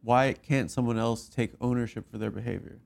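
A man's voice: mid-range voice, steady tone, a little fast, gravelly, darkish tone. A man co-hosting a podcast, teasing and pushing back in casual comedic banter. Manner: teasing, pushy. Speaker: podcast co-host.

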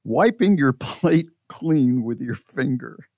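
A man's voice: medium pitch, expressive, takes it slowly, dark tone, dry recording, clean studio sound. A middle-aged man hosting a radio show, reading items aloud in casual banter and reacting with mock disgust.

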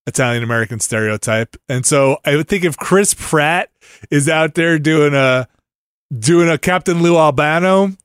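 A man's voice: fairly high pitch, normal speed, smooth, no echo, clean studio sound. A man hosting a podcast in casual chat, laughing often and trailing off into mumbles. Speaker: podcast host.

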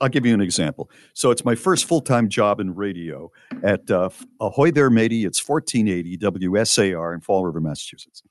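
A man's voice: fairly low pitch, no room sound, studio quality. An older man, a podcast co-host and former radio disc jockey, telling a story in casual chat with many fillers and restarts.

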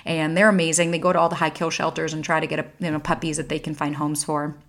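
A woman's voice: deep voice, level tone, quick pace. A woman in her thirties hosting a solo podcast, talking candidly and casually, swearing freely and getting emotional. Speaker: podcast host.

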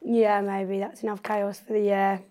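A young woman from England hosting a podcast in casual chat, chatty and quick to laugh, swearing freely. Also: medium pitch, flat delivery, warm tone. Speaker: podcast host.

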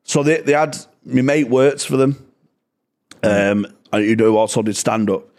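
A man's voice: medium pitch, a little slow, a little mellow. A man in his twenties with a Manchester accent, telling sweary, self-deprecating stories as a comedian guest on a casual podcast. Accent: Mancunian. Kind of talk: casual podcast chat, storytelling.

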